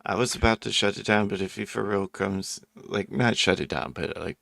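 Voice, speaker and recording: A man's voice: fairly low pitch, normal speed, creaky, fairly bright tone, no room sound. A man hosting a casual open panel stream, talking in a laid-back way and laughing often. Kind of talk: casual chat.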